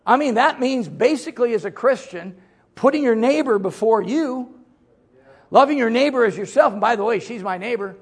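A middle-aged man preaching a sermon as pastor, folksy and joking, swinging from loud emphasis to low asides. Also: animated, normal speed, breathy edge.

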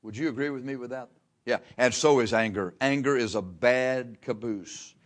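A man's voice: medium pitch, moderate pace. Man preaching a folksy, emphatic sermon. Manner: preaching with emphatic rises and repeated phrases. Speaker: pastor.

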